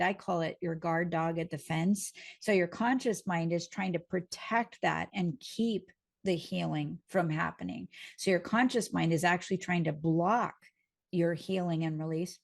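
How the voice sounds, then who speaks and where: Brief: low, gravelly female hypnotherapy teacher, calm and explanatory. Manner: calm, explanatory, uses homely images. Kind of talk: teaching a training lesson.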